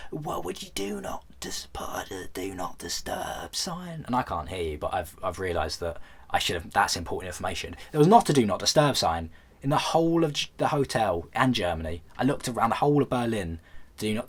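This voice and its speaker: A man's voice: fairly low pitch, a bit bright, husky. A young British man telling a comic travel story as a vlogger, rambling and self-deprecating, with many false starts.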